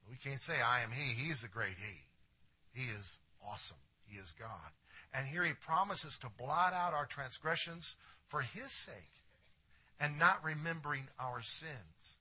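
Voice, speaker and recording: Pastor guy giving a sermon, bright edgy tone, kinda husky, gets quiet then punches words hard. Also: mid-range voice, animated, unhurried. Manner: preaching with wide swings from hushed to emphatic; addresses the congregation directly with questions.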